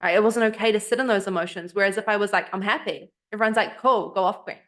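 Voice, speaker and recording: A woman's voice: mid-range voice, quick pace, a bit bright. A woman co-hosting a podcast in casual chat, reflective and earnest, sometimes acting out what others say. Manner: reflective, earnest, acts out quoted voices. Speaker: podcast co-host.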